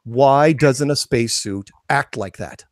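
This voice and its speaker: A man's voice: mid-range voice, unhurried, no room sound, clean studio sound. A man being interviewed as a guest, talking enthusiastically in an impassioned rant, repeating and restarting phrases. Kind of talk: podcast interview.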